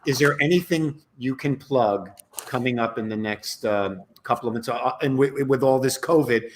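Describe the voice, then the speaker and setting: A man's voice: mid-range voice, moderate pace, noisy background. A man hosting a live stream chat, teasing his guest and wrapping things up. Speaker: comedian host. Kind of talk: casual chat.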